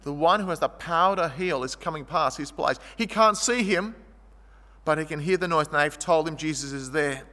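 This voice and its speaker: A man preaching a sermon, his voice pitched high and bright with a tense edge. He tells stories vividly, rising to loud, animated passages and dropping to quiet ones. The sound carries a long hall reverb. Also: normal speed. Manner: storytelling, shifting from vivid and loud to quiet and low. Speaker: pastor.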